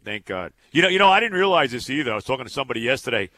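A man hosting sports talk radio, gruff and offhand with plenty of fillers. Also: medium pitch, lively intonation, rapid-fire, bright, forceful tone, no echo.

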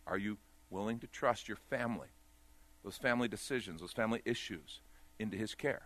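A man preaching a sermon as pastor, swinging from loud urgent peaks to quiet low asides. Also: fairly quick, no echo.

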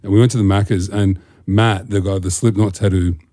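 A man's voice: low voice, fairly even intonation, brisk, dark tone, dry recording, clean studio sound. A middle-aged Australian man, a podcast guest, telling a rambling story with lots of swearing and laughter. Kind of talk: casual storytelling.

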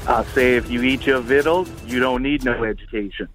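A man's voice: mid-range voice, brisk, a bit bright, lightly acted. Man doing a laid-back drawling star impression, easygoing, over light music. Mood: lazy drawl. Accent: put-on Southern American drawl.

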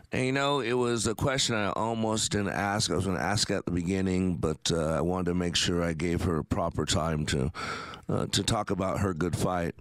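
A man's voice: low voice, no room sound. A man in his fifties hosting a faith-based radio talk show, earnest and preachy, with many fillers and restarts. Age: 50s.

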